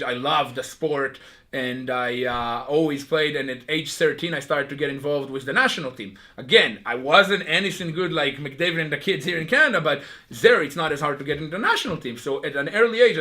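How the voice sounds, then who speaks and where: A man, telling his life story in a casual interview with an animated, chatty manner. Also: a little high. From Israel. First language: Hebrew. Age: 30s. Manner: animated, chatty, with frequent fillers.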